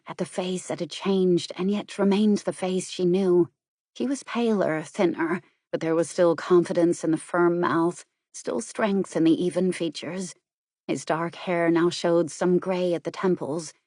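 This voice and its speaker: A woman narrating an audiobook in a measured, even way. Her voice sits on the low side, and the recording is dry and close with no room sound. She reads at a steady, unhurried pace. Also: slightly rough, no room sound.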